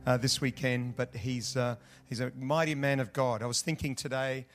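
A man introducing the guest preacher at a church service, halting with many fillers. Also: mid-range voice, little pitch movement. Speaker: church host introducing the speaker.

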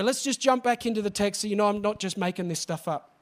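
Guy with a really high voice preaching, keeps asking the crowd stuff. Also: fast talker. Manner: animated, asks the congregation questions. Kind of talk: sermon.

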